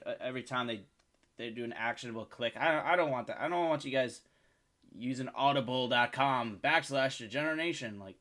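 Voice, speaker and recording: Bright, profane podcast co-host man. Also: mid-range voice. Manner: profane and jokey. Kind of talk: crude casual chat.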